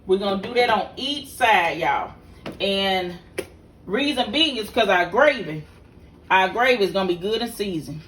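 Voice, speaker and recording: Her medium-pitched, slightly bright voice has lively intonation and a moderate pace as this middle-aged home cook demonstrates a recipe in her kitchen. She chats casually and folksily, instructing viewers directly as a vlog host. Slight background noise is audible.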